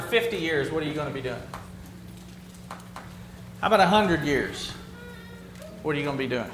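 Man, preacher, high voice, conversational sermon, echoey church, faint background hum. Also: sharp tone. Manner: conversational, asks the congregation questions. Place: church sanctuary.

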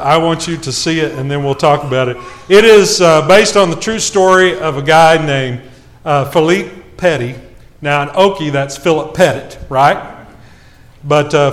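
A man preaching a sermon, telling a self-mocking story with lively swings in his voice. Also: on the high side.

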